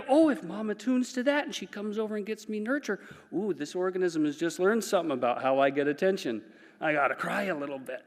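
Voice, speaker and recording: A man giving a lively conference talk as a psychologist, playfully acting out the voices he quotes. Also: high voice, brisk. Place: conference hall. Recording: reverberant conference hall.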